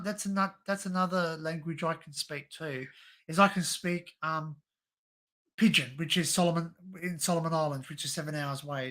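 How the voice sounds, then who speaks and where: Aussie guy hosting a stream, chatty and rambly, um um, voice on the higher side. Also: bright, forceful tone. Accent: Australian. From Australia. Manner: rambling, hesitant, many fillers and restarts. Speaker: livestream host. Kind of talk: casual rambling chat.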